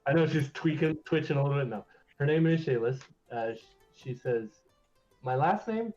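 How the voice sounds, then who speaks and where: A man narrating a tabletop game as game master, casual and quick to laugh at his own slips. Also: mid-range voice, darkish tone. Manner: casual, laughing, self-correcting. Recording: dull lo-fi stream audio with faint music.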